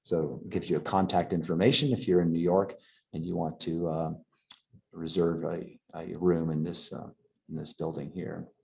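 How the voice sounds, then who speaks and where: A man giving a local history lecture over slides, pausing often with fillers and restarting his sentences. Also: deep voice, fairly even intonation, vocal fry, a little mellow. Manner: halting, many fillers and restarts.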